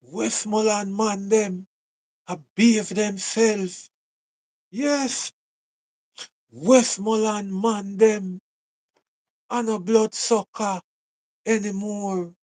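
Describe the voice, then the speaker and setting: A man's voice: high voice, steady tone, slow pace, long pauses, a little mellow. A man with a Jamaican accent giving a casual, repetitive commentary monologue, full of rhetorical questions.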